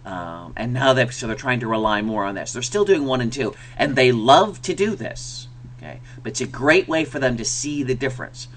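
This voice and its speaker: Male ESL teacher, mid-pitched voice, relaxed lecture full of "um"s, faint hum under the recording. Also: normal speed. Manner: conversational, many fillers, demonstrates sounds aloud. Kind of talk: mini lecture.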